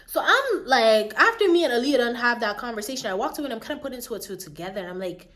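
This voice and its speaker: Chatty, high-voiced woman. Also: racing, few pauses. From Jamaica. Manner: chatty, animated, keeps asking "you get what I mean". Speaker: vlogger. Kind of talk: casual storytime chat.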